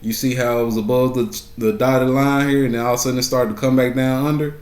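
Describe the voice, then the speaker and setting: Guy doing a casual stock market vlog, average pitch, keeps saying "right?", echoey room. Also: fairly even intonation, quick pace, darkish tone. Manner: conversational, keeps asking "right?", repeats phrases for emphasis.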